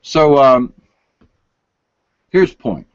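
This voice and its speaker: Older man, folksy late-night rambler, pitch rises and falls a lot, dry close sound. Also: animated, very slow, clear, resonant tone, no room sound. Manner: folksy, meandering, drops to whispers. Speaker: vlogger. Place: home room, lights turned down. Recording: dull lo-fi sound.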